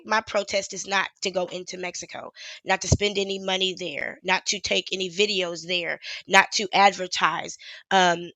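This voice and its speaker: A woman in her thirties chats frankly on a livestream, wandering from topic to topic and swearing now and then. Her voice is bright and forward. The sound is dry and close. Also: mid-range voice, dry recording. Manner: chatty, rambling, frank with swearing. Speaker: YouTuber. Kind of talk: casual livestream chat.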